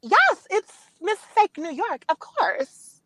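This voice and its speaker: Man putting on a squeaky campy woman caller. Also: huge pitch swings, takes it slowly, sharp tone, exaggerated voice. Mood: sassy. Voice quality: squeaky, Minnie Mouse-like. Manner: sassy, dramatic, gossipy. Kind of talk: call-in chat.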